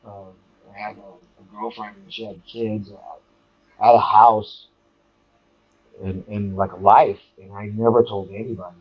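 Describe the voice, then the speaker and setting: A man talking casually as an interview guest, recounting his experiences and acting out quotes with sudden jumps in pitch. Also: level tone, unhurried, breathy edge. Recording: dull lo-fi audio.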